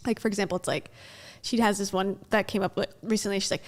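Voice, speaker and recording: A woman's voice: medium pitch, fairly even intonation, fast talker. A woman hosting a livestream in casual chat, joking and bantering with her guest. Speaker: livestream host.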